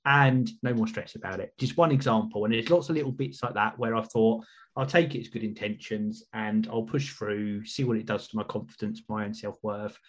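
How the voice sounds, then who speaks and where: A man's voice: lowish voice, steady tone, brisk. A man hosting a podcast, chatting casually and rambling with restarts. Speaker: podcast host.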